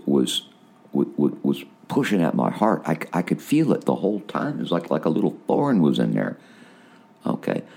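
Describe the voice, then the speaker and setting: A man with a very low, gravelly voice gives a personal testimony sermon about his visions. He talks in a raspy, husky tone, circling back on his words and pleading with his listeners. He speaks with fervent emotion throughout. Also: a little mellow. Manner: emotional, repetitive, addresses listeners as folks. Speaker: preacher recounting visions.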